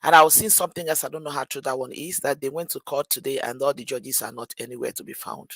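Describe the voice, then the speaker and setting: A woman's voice: extremely low pitch, steady tone, fast talker, no echo. A woman, calling in to a discussion. She speaks in an impassioned, lamenting way and repeats phrases for emphasis. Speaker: caller. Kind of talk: call-in discussion.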